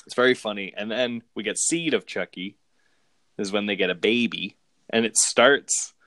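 Casting: low-voiced man, easygoing co-host, dry close sound. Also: moderate pace, a bit bright, no echo. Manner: rambling, amused, with frequent restarts and laughs. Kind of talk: casual chat recapping movies.

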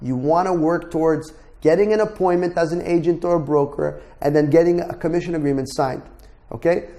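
A blunt, emphatic man lecturing students as a real estate broker and instructor. His voice sits fairly high for a man, and he hammers points home by repeating words and swearing freely. He talks to the class directly, like a no-nonsense mentor. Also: fairly quick, warm tone.

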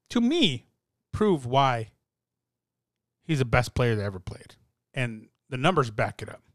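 A young man talking in a rambling, excitable way with many fillers and restarts, as in casual chat. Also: mid-range voice, no room sound, clean studio sound. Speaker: soccer fan podcaster.

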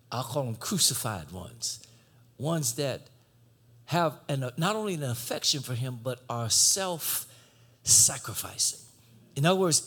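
A man preaching a sermon, swinging from shouted exhortation to low conversational teaching. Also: husky.

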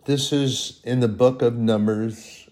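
A middle-aged man preaching a sermon and teaching from the Bible, talking conversationally with fillers and self-corrections, and swinging from soft asides to loud, rising proclamations. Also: medium pitch, fairly even intonation, takes it slowly.

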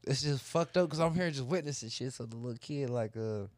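A man telling a long, animated, profane story in casual chat. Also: medium pitch, fairly quick. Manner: animated, profane, acts out kids' voices. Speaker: podcast co-host telling a story.

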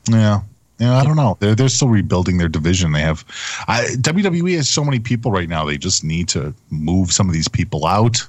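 Deep-voiced hesitant male co-host. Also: sing-song, brisk, dry recording. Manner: hesitant, trailing off. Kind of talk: casual podcast chat.

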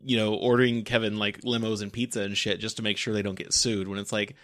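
A man's voice: fairly low pitch, flat delivery, quick pace, fairly bright tone. A man co-hosting a movie podcast, chatting casually, swearing and acting out characters as he recaps scenes. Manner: profane, acts out characters in quotes. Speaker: podcast co-host.

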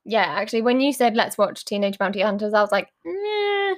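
A woman's voice: mid-range voice, fairly even intonation, quick pace. A woman co-hosting a casual podcast, chatting about TV shows with lots of ums and giggles. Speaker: podcast co-host. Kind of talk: casual chat.

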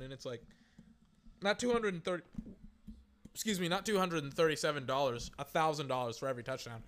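A man giving casual live reaction commentary while watching a football game, rambling and calling plays excitably as they happen. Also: fairly high pitch, brisk, long pauses, a little hiss or hum.

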